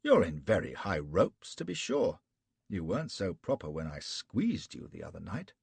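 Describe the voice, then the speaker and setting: A man voicing a brash young British officer, a cad who talks in a blustering, gruff way. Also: deep voice, sing-song, normal speed, a little mellow, no echo, exaggerated voice. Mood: exasperated.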